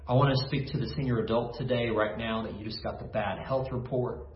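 A man's voice: mid-range voice, steady tone, a little fast. A man preaching a sermon as pastor, telling stories in a folksy, conversational way. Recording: echoey room, slightly dull sound.

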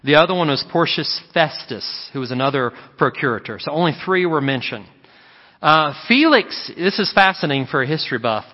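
A man preaching to his congregation, his voice sitting a little high for a man. The sound is dull and muffled, and it rings out with a long hall echo from the church. He tells his stories with lively, acted-out quotes. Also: fairly quick. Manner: animated storytelling with acted quotes. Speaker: pastor. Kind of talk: sermon. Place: church sanctuary.

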